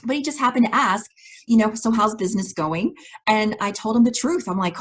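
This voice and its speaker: A woman coach telling a personal story in an enthusiastic, expressive way, laughing often and acting out her past conversations. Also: a little high, fairly quick. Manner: acts out her own past dialogue. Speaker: life coach.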